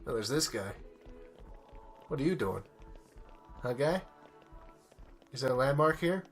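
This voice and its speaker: A man mutters and giggles through casual gameplay commentary, sounding exasperated as he reads game text aloud. His pitch rises and falls a lot. Game music plays faintly underneath. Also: expressive, unhurried. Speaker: let's play host.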